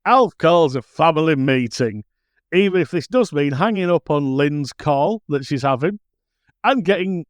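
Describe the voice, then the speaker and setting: A man's voice: fairly high pitch, lively intonation, measured pace, no room sound. Chatty man, dry close mic. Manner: chatty, laughs often, playful asides. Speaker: podcast co-host. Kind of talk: casual chat.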